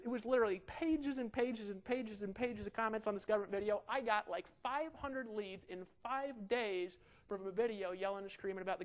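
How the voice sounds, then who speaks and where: A middle-aged man giving an energetic marketing webinar, animated and ranting, full of rhetorical questions. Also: high voice. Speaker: online marketing instructor.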